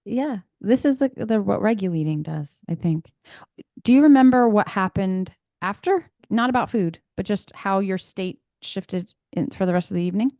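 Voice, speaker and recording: A woman's voice: medium pitch, expressive, moderate pace, dark tone, no echo, studio quality. A woman co-hosting a podcast who asks probing, thoughtful questions in a casual chat. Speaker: podcast co-host.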